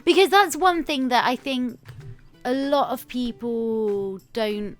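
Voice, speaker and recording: A woman's voice: fairly high pitch, slow pace, soft background music. A woman chatting casually as a YouTuber co-host, laughing often and acting out little quotes. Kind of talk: casual chat.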